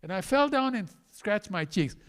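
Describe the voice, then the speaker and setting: A man's voice: high voice, expressive, moderate pace, a bit bright, clear, resonant tone, voice pushed up. A man voicing a pleading young lover. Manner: pleading, excuse-making. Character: young divine cowherd lover, pleading and bewildered.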